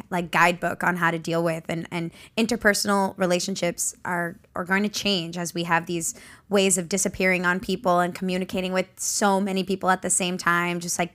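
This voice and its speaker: A woman's voice: on the low side, a bit bright. A woman comedian on a podcast, speaking earnestly and reflectively. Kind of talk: casual podcast chat.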